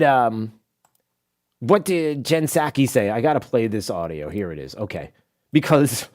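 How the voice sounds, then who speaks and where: Talk radio host, male, sarcastic and rambling, lively pitch. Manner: sarcastic, animated, rambling with asides. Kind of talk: opinionated talk radio monologue. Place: radio studio.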